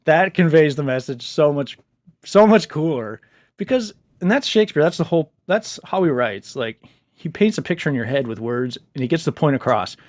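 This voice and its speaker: A man's voice: on the high side, lively intonation, normal speed, dry recording. Enthusiastic man chatting about a book. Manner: enthusiastic, chatty, laughs often. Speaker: book reviewer. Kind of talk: casual book review vlog.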